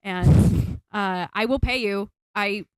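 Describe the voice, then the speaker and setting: A woman's voice: mid-range voice, takes it slowly, clean tone, dry recording. Young woman, slight Southern US lilt, casual podcast co-host, chatty, dry close-mic sound. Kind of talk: casual chat.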